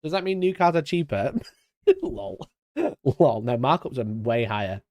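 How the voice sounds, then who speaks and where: A British man hosting a casual live stream, chatty and mock-indignant, talking into a boom-arm mic. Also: expressive, normal speed, a little mellow, dry recording, studio quality. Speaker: streamer host. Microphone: studio mic on boom arm.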